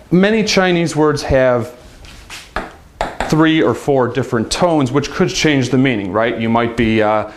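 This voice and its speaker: A man teaching a casual video language lesson in an upbeat, chatty way. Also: mid-range voice.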